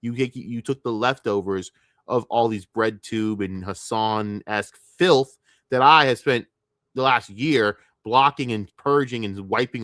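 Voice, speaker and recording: A man's voice: fairly low pitch, fairly bright tone, no room sound, studio quality. A man ranting angrily as a streamer reacting to clips, profane and emphatic. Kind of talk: heated commentary rant.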